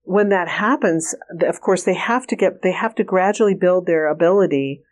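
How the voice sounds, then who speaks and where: A woman with a fairly low, darkish voice speaks at a normal pace. She is a remote viewing trainer appearing as an interview guest, earnestly sharing personal stories in a candid, conversational style and often restarting her sentences.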